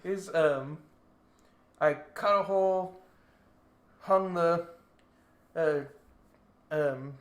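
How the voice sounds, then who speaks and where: A man's voice: fairly high pitch, extremely slow, pauses often. A man co-hosting a podcast, telling stories in a chatty way and laughing often. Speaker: podcast co-host. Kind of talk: casual chat. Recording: echoey room.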